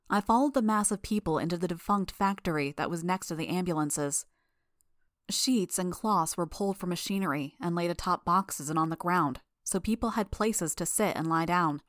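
A woman giving a measured first-person audiobook narration. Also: on the low side, dry recording, clean studio sound.

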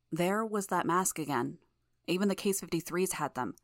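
A woman narrating a fan audiobook in the first person with a measured, even reading. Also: on the low side, no room sound, clean studio sound.

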